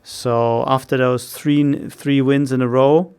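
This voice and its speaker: A man gives measured football analysis on a podcast. His voice has a gravelly edge and an ordinary middle pitch. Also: level tone, a little mellow. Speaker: football pundit. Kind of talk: casual chat.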